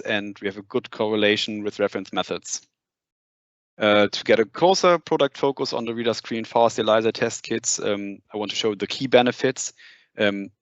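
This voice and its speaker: A man giving a live laboratory demonstration, explaining each step in a halting way with many fillers and restarts. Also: on the low side, fairly bright tone, dull audio. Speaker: product demonstrator. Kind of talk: live lab demonstration over a video call. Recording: roomy sound with faint noise.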